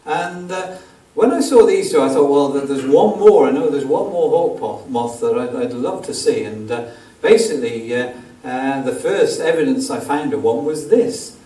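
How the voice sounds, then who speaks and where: A man's voice: mid-range voice, expressive, normal speed, dark tone. Chatty man giving a slide talk. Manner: chatty and self-deprecating, many filler ums. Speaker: guest speaker, wildlife photographer. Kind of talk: illustrated talk to a club audience. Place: theatre auditorium. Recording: echoey hall from far off, faint hiss.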